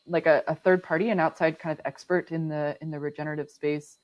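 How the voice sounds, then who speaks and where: Her deep voice moves at a quick pace with fairly even intonation, and the audio sounds dull. A sustainability manager on a podcast, she discusses her work thoughtfully in a conversational interview, frequently restarting and saying um.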